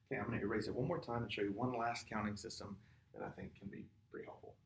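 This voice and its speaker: A man's voice: fairly low pitch, fairly even intonation, fast talker, a little hiss or hum. A man teaching a music lesson, patiently explaining rhythm and counting beats and chanted words aloud. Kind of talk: classroom lesson. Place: classroom or studio with a board. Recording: echoey room.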